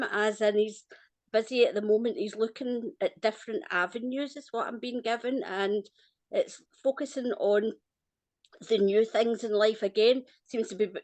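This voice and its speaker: A Scottish woman giving a gentle, reassuring psychic reading over a call, often smiling as she talks. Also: a little high, dry recording. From Scotland. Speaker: psychic reader.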